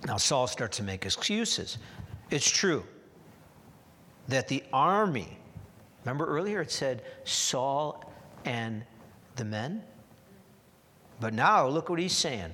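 A man's voice: medium pitch, big pitch swings, slow, pauses often, pushed and bright. A man preaching a sermon earnestly, often restarting phrases and rising in emphasis. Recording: long hall reverb.

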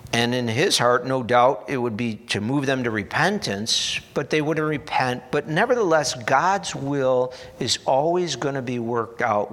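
A man delivers a sermon from the pulpit, unhurried and deliberate in his phrasing. His voice sits at an ordinary middle pitch, earnest but ready with a wry aside. The sound rings out with the long reverb of a large church hall. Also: fairly bright tone. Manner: slow, earnest preaching with dry humorous asides. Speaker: pastor.

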